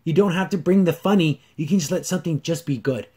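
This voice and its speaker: A man hosting a casual solo review, rambling with frequent restarts and fillers, and acting out characters' lines in lively voices. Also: fairly high pitch, quick pace, breathy edge. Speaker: host reviewing a cartoon episode.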